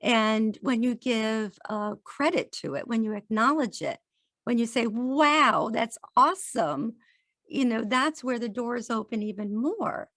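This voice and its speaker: A woman's voice: on the high side, unhurried, no room sound, clean studio sound. A woman guest on a podcast, talking in an earnest, encouraging way and acting out little quotes in conversation. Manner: earnest, encouraging, animated quoting. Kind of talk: casual interview chat.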